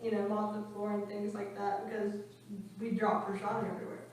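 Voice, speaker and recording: A woman's voice: medium pitch, level tone, fairly quick, darkish tone, a little hiss or hum. A woman giving a scripture class in a temple room, telling stories and acting out what people said. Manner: storytelling with acted quotes. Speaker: class speaker. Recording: echoey room from far off.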